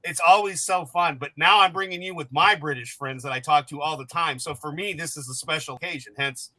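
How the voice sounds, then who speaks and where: A man's voice: fairly high pitch, brisk, sharp tone, no room sound, rough recording. A man hosting a live stream, rambling enthusiastically about his guests. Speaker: stream host. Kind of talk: casual stream chat.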